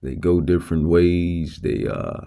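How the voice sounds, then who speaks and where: A man giving a religious lesson in an extremely deep, dark voice. He speaks slowly and emphatically, repeating words and restarting often. Fillers like "uh" and "you know" run through his teaching. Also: fairly even intonation, vocal fry. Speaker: preacher.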